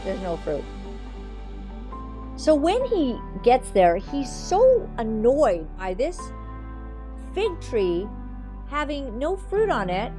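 Woman, casual online talk mixing thanks and scripture, animated delivery, music bed underneath. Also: high-pitched, slow, long pauses. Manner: chatty and animated, acts out quotes in a playful voice. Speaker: online commentator and preacher.

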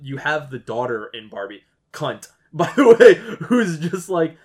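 A man in his thirties co-hosts a podcast, ranting about a movie in casual, profane chat packed with "like." His voice sits on the high side with big pitch swings, and he keeps a measured pace.

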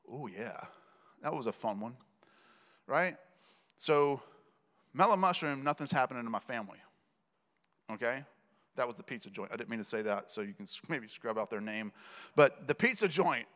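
A man preaching in a conversational, joking storytelling style, building to loud emphatic passages. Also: medium pitch. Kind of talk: sermon storytelling. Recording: reverberant hall.

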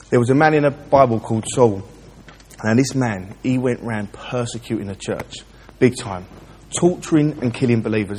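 A man preaching in a church, chatty and direct with the congregation, his voice pitched in a middle range. The sound carries a long hall reverb, and a faint hiss runs underneath. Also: normal speed, darkish tone. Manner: chatty and direct, addresses listeners. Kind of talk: informal sermon with a joke.

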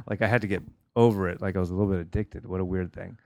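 Low-voiced rambling man, podcast chat. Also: fairly even intonation, quick pace, vocal fry, no room sound, clean studio sound. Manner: rambling, self-deprecating, laughs often. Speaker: podcast co-host and stand-up comic.

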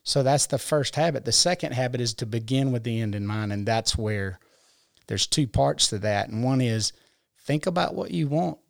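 A man's voice: mid-range voice, animated, normal speed, creaky, dry recording, clean studio sound. Earnest man explaining step by step. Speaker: podcast guest. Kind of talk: casual conversation about personal growth.

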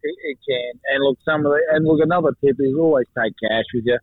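Relaxed Australian male caller, phone-line audio, matey tone. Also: mid-range voice, quick pace, noisy background. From Brisbane, Australia. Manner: laid-back, matey. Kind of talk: phone-in chat. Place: on the road in his car.

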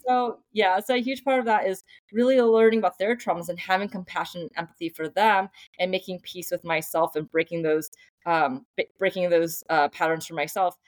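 A woman's voice: fairly low pitch, fairly even intonation, a little fast, no room sound. A young adult woman, a podcast guest and author, talking through her family life in an earnest, reflective way, with many fillers and restarts. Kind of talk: casual conversational interview.

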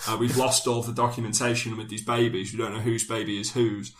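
A man co-hosting a casual comedy chat, telling jokes deadpan and bursting into loud shouted voices. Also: fairly low pitch, a little fast. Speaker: podcast co-host.

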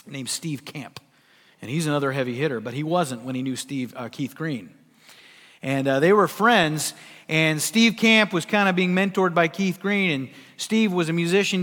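A man's voice: fairly high pitch, a bit bright. Emphatic preaching man in a reverberant hall. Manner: emphatic, conversational preaching with rising exhortations. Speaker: pastor. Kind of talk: sermon. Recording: long reverb of a large hall.

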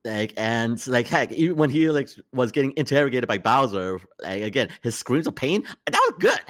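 Young man, podcast co-host, medium pitch, very lively intonation, rambling, dry sound. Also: moderate pace, no echo. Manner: rambling, many fillers, emphatic complaints. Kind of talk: casual podcast chat.

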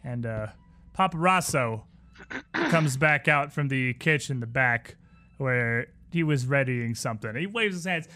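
A man narrating a tabletop role-playing game as game master, in a relaxed, rambling way. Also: mid-range voice, unhurried.

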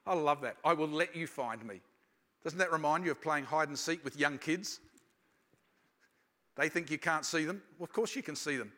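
Bright-voiced preacher in a hall. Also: male voice, fairly high pitch. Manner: reflective, slows down for emphasis. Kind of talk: sermon with personal storytelling. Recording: long reverb of a large hall.

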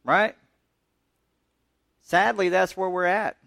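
A man preaching a sermon as pastor, talking through scripture in a conversational way and pushing his voice higher when he presses a point. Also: steady tone, slow, creaky, sharp tone, dry recording. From United States.

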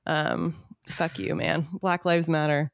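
A woman's voice: sits low, steady tone, takes it slowly, gravelly, no echo. A woman co-hosting a podcast, talking bluntly and sarcastically, with some swearing. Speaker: podcast co-host. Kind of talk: casual political chat.

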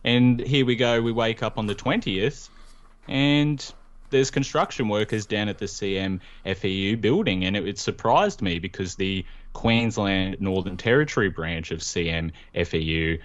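A man with a very low voice recounts his day in a loose, rambling, conversational way. He talks as a guest reporter in a casual chat. His audio comes through a dull, muffled, lo-fi line. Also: normal speed.

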